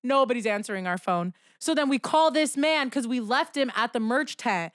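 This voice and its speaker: A young woman co-hosting a podcast, telling a story in casual chat, animated and full of "like" fillers, with some swearing. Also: fairly high pitch, moderate pace. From Arizona, USA. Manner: animated, acts out quotes, heavy filler "like", swears. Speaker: podcast co-host.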